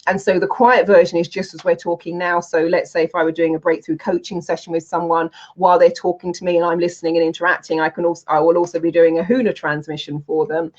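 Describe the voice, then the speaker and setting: A woman's voice: fairly low pitch, fast talker, hardly any pauses. A woman, a healing coach telling stories in a casual webinar talk and acting out the quoted speech. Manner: lively storytelling, acts out quoted speech. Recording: dull lo-fi sound.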